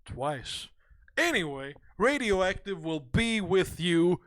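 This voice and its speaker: A man's voice: high-pitched, animated, moderate pace, fairly bright tone. A man hosting as a radio DJ, trading brash, self-promoting jokes in comedic banter.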